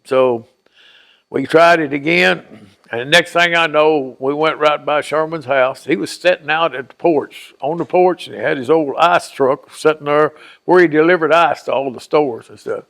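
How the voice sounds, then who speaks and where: An older man being interviewed for an oral history tells a childhood story in a folksy, rambling way, acting out the voices of the people in it. His voice is a little high and fairly bright, with vocal fry, and he speaks at a moderate pace.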